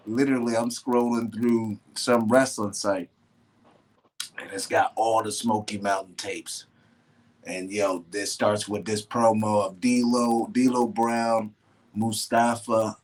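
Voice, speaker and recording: A man, a guest, telling stories in an animated, slangy way with frequent swearing. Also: fairly low pitch, takes it slowly. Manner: animated, slangy storyteller who swears often. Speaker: guest, professional wrestler. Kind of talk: casual storytelling.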